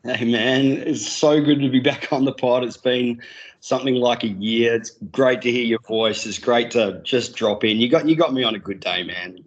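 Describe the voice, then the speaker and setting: A man's voice: mid-range voice, moderate pace, highs cut off. A man with an Australian accent, a podcast guest chatting casually and teasing the host in a playful way. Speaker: guest analyst.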